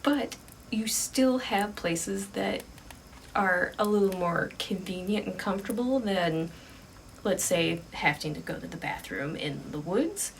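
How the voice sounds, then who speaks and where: A woman's voice: medium pitch, lively intonation, measured pace, vocal fry, distant mic, a little hiss or hum, poor audio. A woman telling an improvised ghost story in a casual, conversational way, full of fillers.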